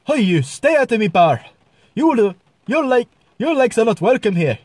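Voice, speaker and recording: Man doing a loud, threatening Irish barman, pitched up high. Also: big pitch swings, moderate pace, slightly rough, no echo, studio quality, heavily acted. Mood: angry. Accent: Irish put on. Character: angry Irish barman throwing people out.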